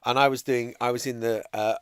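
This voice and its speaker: A man co-hosting a news podcast in a studio, recounting a story with wry understatement. His voice sits at a middling pitch. The sound is close and dry. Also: steady tone, fairly quick, smooth, no room sound. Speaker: podcast co-host. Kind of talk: casual live Q&A chat.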